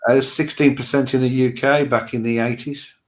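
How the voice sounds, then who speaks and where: A man's voice: medium pitch, steady tone, normal speed. A man from the UK hosting a casual livestream chat, chatty and jokey. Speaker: host.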